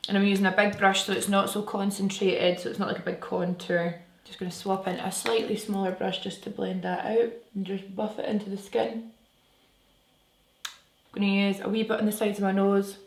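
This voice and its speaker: A woman's voice: mid-range voice, little pitch movement, moderate pace. A woman chatting her way through a makeup tutorial, enthusiastic and casual as she works. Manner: chatty, enthusiastic, talks while working. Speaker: beauty vlogger. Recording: echoey room.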